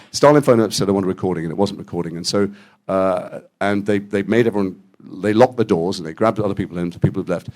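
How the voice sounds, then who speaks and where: Brief: English actor, fast lively anecdotes, low and gravelly. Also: male voice. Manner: animated, quotes others in quick dialogue. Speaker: actor guest at a Q&A. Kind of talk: anecdotal storytelling. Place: cinema auditorium after a screening.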